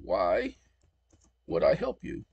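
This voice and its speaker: A man's voice: a little high, wildly swooping pitch, slow pace, gravelly, husky, no echo, dull audio. A man hosting his channel, lecturing combatively and spelling words out letter by letter. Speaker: channel host. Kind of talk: commentary on screen recording.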